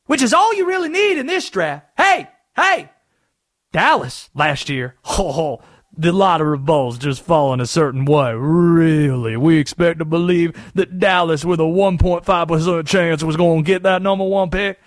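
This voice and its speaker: A man putting on a Southern accent to play an excitable conspiracy-theorist sports pundit on a radio show. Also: fairly high pitch, no echo, studio quality, natural voice. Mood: scheming. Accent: American Southern. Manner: fast-talking, drawling, wheedling. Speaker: radio host.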